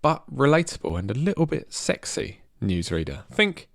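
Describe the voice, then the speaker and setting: A man's voice: medium pitch, very animated, normal speed, gravelly, no room sound, studio quality. A man co-hosting a podcast, laughing often and directing his co-hosts through a silly game. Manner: giggly, bossy, sets up games. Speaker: podcast co-host. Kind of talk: casual comedy chat.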